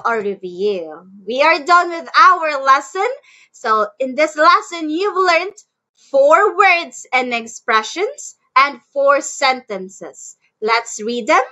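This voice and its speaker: A woman's voice: sits high, animated, takes it slowly, pushed and bright, lo-fi sound. A woman teaching a one-on-one English lesson over a video call, drilling words for the student to repeat and praising each answer. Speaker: online English tutor. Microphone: headset or computer mic on a video call.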